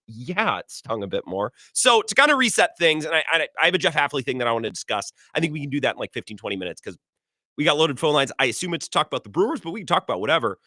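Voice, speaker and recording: A man hosting a sports talk radio show, giving opinionated takes in a sarcastic, animated way. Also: on the high side, no echo, clean studio sound. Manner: animated, sarcastic, quick asides.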